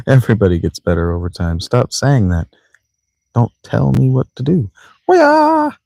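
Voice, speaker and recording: A man's voice: mid-range voice, expressive, normal speed, vocal fry, dark tone, dry recording. A man giving casual, rambling gameplay commentary from a sleeping bag in a tent, joking to himself and mispronouncing words on purpose. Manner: rambling, joking self-talk with playful mispronunciations. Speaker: let's play streamer.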